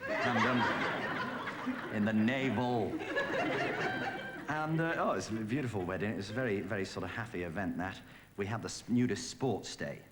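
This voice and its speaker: A man doing a stand-up comedy routine on a variety show, rattling off quick one-liners. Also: fairly low pitch. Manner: rapid one-liners, lively punchline delivery. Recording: noisy old off-air TV tape.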